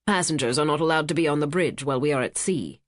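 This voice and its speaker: A woman's voice: sits low, quick pace, dry recording, studio quality, natural voice. A woman doing a curt, officious ship captain. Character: irritable middle-aged male ship captain with a headache.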